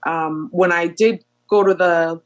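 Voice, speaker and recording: Low-voiced woman airline captain telling stories. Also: slow. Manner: animated storyteller, full of fillers. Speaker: airline captain, podcast guest. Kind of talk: storytelling interview chat.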